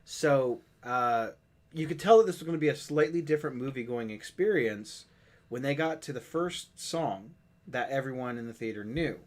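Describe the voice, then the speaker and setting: A man co-hosting a podcast, telling animated stories in casual chat and swearing casually. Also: medium pitch, moderate pace. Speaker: podcast co-host.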